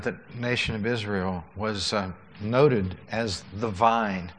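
A man preaching a sermon as pastor, in an unhurried, earnest way with frequent filler sounds and restarts. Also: lowish voice, a bit bright.

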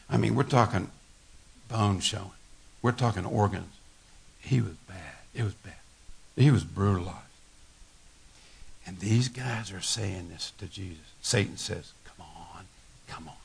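A man's voice: on the low side, vocal fry, slightly rough. An older man, a pastor, giving a folksy sermon full of stories, laughter and repeated words. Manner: folksy storytelling with laughter and repetitions.

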